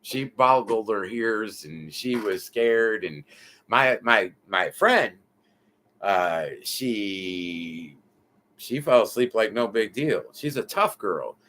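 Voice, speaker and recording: A man from the United States, a guest in an interview, telling his story in an animated, casual way. He swears freely and keeps adding "you know what I mean" asides. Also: fairly low pitch, slow. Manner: animated, profane, lots of filler asides.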